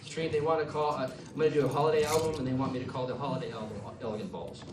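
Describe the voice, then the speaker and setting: A man's voice: mid-range voice, steady tone, racing, background noise. A man leading his band on stage, joking with the audience and teaching them a sing-along chorus. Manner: playful, teaching the crowd a chorus. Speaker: bandleader and singer. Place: live music cafe venue. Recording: echoey room, mic from a distance, loud band. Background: band instruments.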